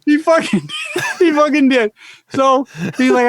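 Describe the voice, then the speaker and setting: A man with a notably high speaking voice tells a rowdy story on a podcast. He swears freely and laughs his way through the punchlines. The chat is loose and casual. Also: measured pace, a bit bright, dry recording.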